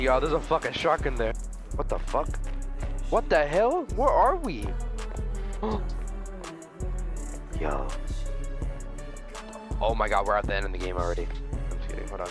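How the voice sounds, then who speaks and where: A man's voice: medium pitch, big pitch swings, measured pace, long pauses. A young man giving profane, jumpy commentary while playing a game, shrieking at scares and muttering in between. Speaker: gaming video host. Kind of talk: profane let's-play commentary. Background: background music.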